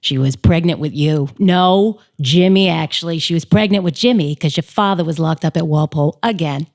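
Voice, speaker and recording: A woman's voice: low-pitched, moderate pace, darkish tone. Woman doing a brash South Boston gal. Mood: needling.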